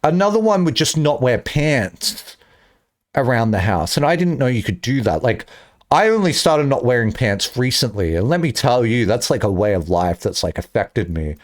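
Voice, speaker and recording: A young man chatting casually on a live stream, rambling and joking with bursts of excitement. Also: mid-range voice, normal speed.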